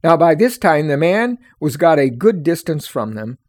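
A man narrating a storybook reading in expressive, old-fashioned phrasing. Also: on the high side, moderate pace, no room sound, clean studio sound.

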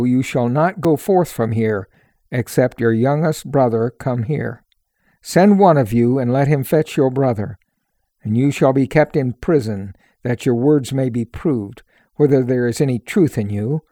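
A man voicing a stern, powerful male governor who speaks harshly to strangers, in a slow and measured way. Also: mid-range voice, warm tone, no echo, clean studio sound, lightly acted.

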